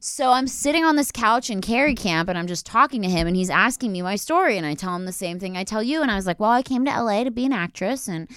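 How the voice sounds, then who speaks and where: A woman's voice: medium pitch, fast talker, hardly any pauses, smooth, no echo, studio quality. A woman hosting a podcast, telling a story in a gushing, casual way full of "like". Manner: animated, gushing, lots of "like". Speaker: podcast host.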